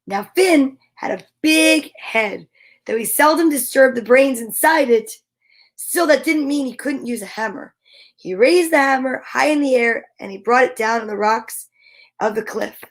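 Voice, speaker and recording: A woman's voice: sits high, a little slow. A woman hosting a children's storytime, reading a storybook aloud playfully and animatedly, with chatty asides. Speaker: storytime host.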